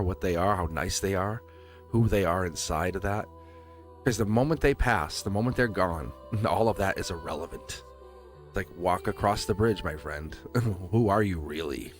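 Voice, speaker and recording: A man's voice: low voice, moderate pace, soft background music. A man hosting a live tarot stream, chatting casually with viewers, laughing often and firing off rhetorical questions.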